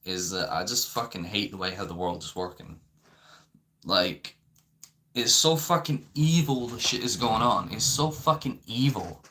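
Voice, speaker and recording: A man's voice: lowish voice, unhurried, pushed and bright. A young man ranting to camera in a rambling, profane way, filling his talk with "you know". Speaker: vlogger. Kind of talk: unscripted rant.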